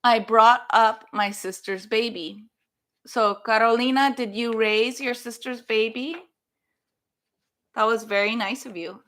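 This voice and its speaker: A woman teaching English in a live online lesson, explaining phrasal verbs slowly and carefully and encouraging her students. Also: on the high side, fairly even intonation, fairly bright tone.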